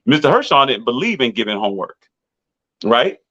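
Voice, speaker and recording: A man sharing stories on a podcast panel, with a pitch in the middle for a man. He acts out the quotes as he tells each anecdote. The recording sounds a little dull and lo-fi. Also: sing-song, normal speed, pushed and bright. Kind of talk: casual storytelling on a panel.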